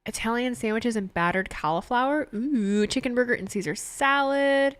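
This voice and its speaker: A woman's voice: a little high, moderate pace, smooth, dry recording. A young woman live-streaming, chatting casually with viewers and laughing often as she reads out their messages. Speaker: streamer watching a wrestling show.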